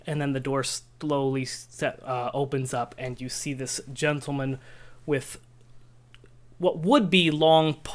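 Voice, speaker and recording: A man narrating a tabletop game as game master, describing scenes in a halting way with many fillers. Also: medium pitch, fairly bright tone.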